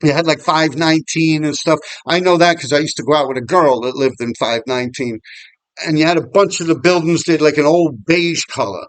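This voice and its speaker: A middle-aged New York City man, a graffiti writer who vlogs, tells old graffiti stories outdoors on a walking path. His voice sits on the high side and moves briskly, with no echo. He rambles, swears a lot, and laughs often as he chats casually.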